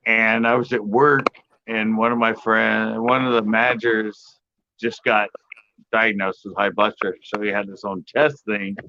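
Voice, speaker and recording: A middle-aged man in casual storytelling on a podcast panel, rambling and animated as he acts out other people's lines. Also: on the low side, measured pace. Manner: rambling, animated retelling with quoted voices. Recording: muffled lo-fi audio with background noise.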